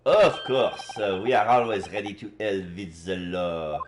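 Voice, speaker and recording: A man's voice: on the low side, unhurried, background noise, natural voice. A man voicing a smug, slippery Italian con man in a pompous put-on manner.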